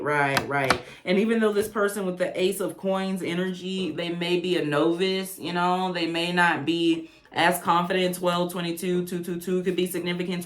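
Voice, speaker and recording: A woman's voice: on the low side, reverberant. Chatty, profane woman reading tarot. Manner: chatty, profane, animated asides. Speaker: tarot reader. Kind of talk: casual channeled tarot reading.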